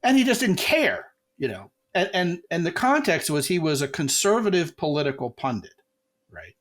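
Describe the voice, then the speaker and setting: A middle-aged man hosting a podcast as a comedy coach, telling stories in a lively way and jumping his pitch for quoted voices. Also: moderate pace. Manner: animated storyteller, jumps pitch for quoted voices. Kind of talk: casual podcast chat.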